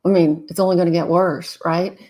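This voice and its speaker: A woman from Canada hosting a live-stream Q&A on relationships, greeting viewers in a casual, chatty way and giving frank, brisk advice. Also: fairly low pitch, flat delivery, warm tone.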